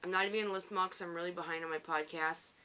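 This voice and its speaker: A woman with a fairly low voice that still has a bright, forward edge talks through her week as a podcast host. She rambles, teases herself and laughs easily in a loose, unscripted monologue. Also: fairly even intonation, clear, resonant tone. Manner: chatty, rambling, self-teasing, quick to laugh. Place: home on the coast.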